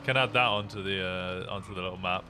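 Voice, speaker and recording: Bright, chatty male game streamer. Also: low voice, fast, slight background noise. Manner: upbeat, chatty, repeats yeah yeah. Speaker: streamer playing a police officer. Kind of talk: live game roleplay and stream commentary.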